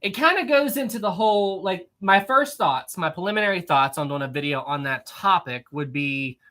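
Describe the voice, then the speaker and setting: A man's voice: sits high, animated, moderate pace, bright, forceful tone. A man hosting a casual live stream, reading viewer messages aloud, laughing often and repeating himself.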